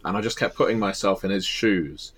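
A man's voice: low voice, brisk, a bit bright, breathy edge. A man with a Southern English accent hosting a casual podcast chat, self-deprecating and full of filler restarts. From England. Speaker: podcast host and interviewer.

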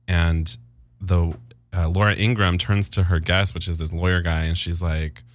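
A man's voice: deep voice, flat delivery, moderate pace. A man co-hosting a podcast, chatting casually with lots of fillers and easy laughter. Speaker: podcast co-host. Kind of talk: casual chat.

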